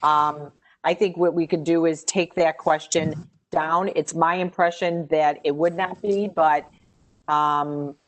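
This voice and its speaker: A woman with a lowish voice walks viewers through the program rules in a webinar. She explains things in a measured way, with hesitant fillers as she thinks. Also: fairly even intonation. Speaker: grant program presenter. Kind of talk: webinar Q&A answers.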